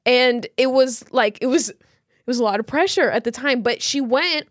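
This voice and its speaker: With a voice that sits high and a normal speaking speed, this podcast co-host chats casually, telling a story packed with slang and fillers. The recording is clean studio sound without any echo.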